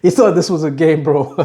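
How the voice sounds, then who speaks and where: Young guy, casual mocking commentator, slangy; slightly high, mellow tone. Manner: mocking, laughing, slangy asides. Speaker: commentator reacting to news clips.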